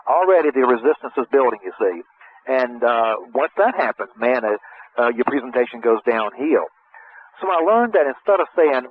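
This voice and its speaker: A folksy middle-aged man explains sales technique over a tinny, phone-like line with a faint hiss. He talks in an easy, conversational way and slips into lively acted-out exchanges. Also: mid-range voice, a little fast. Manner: folksy, animated, acts out sales dialogue in raised voice. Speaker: sales trainer. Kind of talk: conversational coaching talk.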